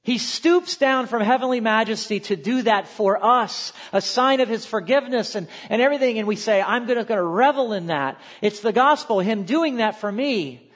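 A man preaching a sermon, reading scripture aloud and shifting between emphatic lines and quiet, low asides. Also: expressive, normal speed, few pauses. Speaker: pastor.

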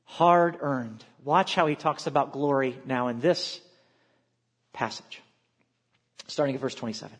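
A man preaching a sermon, reading scripture aloud and shifting between emphatic lines and quiet, low asides. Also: fairly even intonation, moderate pace, pauses often. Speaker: pastor.

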